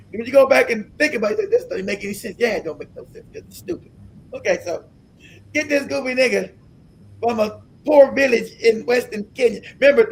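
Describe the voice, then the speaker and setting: A man hosting a live stream, ranting in an animated, incredulous way, swearing freely and breaking into laughter. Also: sits high, gravelly, slight background noise. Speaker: livestream host.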